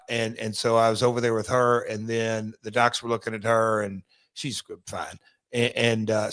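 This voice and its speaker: A man's voice: mid-range voice, a bit bright, no room sound. A man co-hosting a podcast tells a rambling story, stopping and restarting as he goes. His voice sits in a middle register. The recording is dry and close. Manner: rambling, halting with fillers and restarts. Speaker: podcast co-host, former wrestler. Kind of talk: casual storytelling chat.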